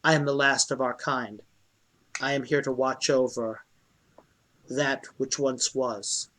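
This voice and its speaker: A man's voice: medium pitch, steady tone, measured pace, pushed and bright. A man voicing an ancient, ghostly male guardian who is the last of his lost tribe, in a tabletop role-play game. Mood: solemn.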